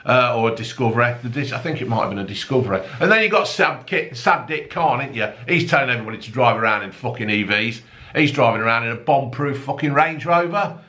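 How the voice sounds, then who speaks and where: A man's voice: medium pitch, lively intonation, fast talker, sharp tone. A middle-aged man with a blunt, sweary, mocking manner, rambling through the tabloid news as a comic rant. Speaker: comedic news commentator.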